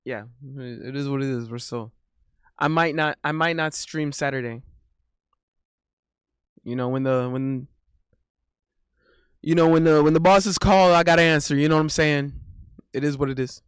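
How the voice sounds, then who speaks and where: A man's voice: fairly high pitch, normal speed, long pauses, smooth, no echo, studio quality. A man streaming live and chatting casually, reading viewer messages aloud, joking, laughing often and repeating himself.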